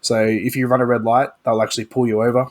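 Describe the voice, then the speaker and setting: A man's voice: medium pitch, little pitch movement, quick pace, darkish tone. A man co-hosting a podcast, talking in an easygoing way with many likes and ums. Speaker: podcast co-host. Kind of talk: casual chat.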